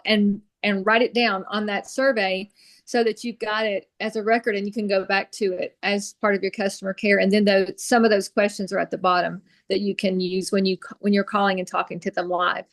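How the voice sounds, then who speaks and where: A woman adds her thoughts on a group video call, keen and chatty, who often stops and rephrases mid-sentence. Her voice sits at an ordinary middle pitch. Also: flat delivery, normal speed. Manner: eager, restarts and self-corrects often. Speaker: team member on a video call.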